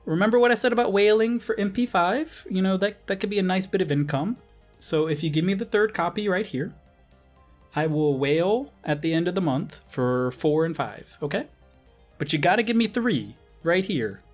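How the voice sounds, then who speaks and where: A man commenting on his gacha rolls, getting excitable, swearing and pleading with the game. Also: high voice, moderate pace, soft background music. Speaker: game streamer.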